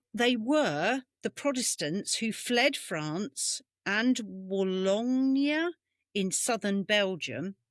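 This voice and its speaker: A woman's voice: mid-range voice, a bit bright, dry recording, clean studio sound. A British woman co-hosting a podcast, telling history tales in a meandering, self-correcting way over a video call. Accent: British English. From England. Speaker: podcast co-host. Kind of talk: casual storytelling chat. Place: home room on a video call. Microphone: webcam mic.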